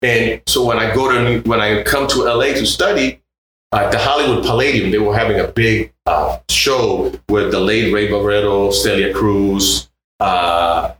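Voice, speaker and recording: Puerto Rican man telling stories in a roomy space. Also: moderate pace. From Puerto Rico. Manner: animated, acts out other people's voices in high tones. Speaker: guest musician. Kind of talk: casual storytelling interview. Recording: roomy with faint background noise.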